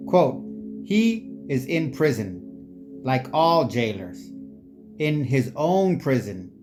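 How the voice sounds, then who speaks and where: Slow, halting reader of long quotes. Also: medium pitch, sing-song, a little mellow, faint music behind. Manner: slow, halting, stumbles over unfamiliar words. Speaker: reader sharing quotes and sources. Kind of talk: reading quotes aloud.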